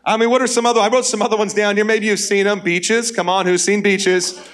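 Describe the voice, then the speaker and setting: A man in his forties delivers a sermon in a church auditorium. His voice sits high for a man, and he keeps things conversational and humorous. He calls out to the congregation to bring them along. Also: flat delivery, fairly quick, fairly bright tone. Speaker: pastor.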